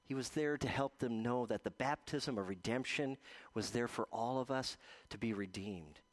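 A man preaching a gentle baptism sermon as pastor, telling stories with slow, drawn-out pauses. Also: medium pitch.

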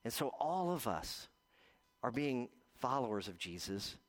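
A man preaching a gentle baptism sermon as pastor, telling stories with slow, drawn-out pauses. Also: mid-range voice, sing-song.

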